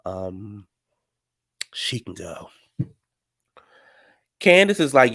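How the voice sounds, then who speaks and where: A sassy, gossipy man recaps reality TV in casual commentary, storytelling animatedly and tossing in "honey" and "child." His lowish voice draws out words and pauses often, in a dry recording.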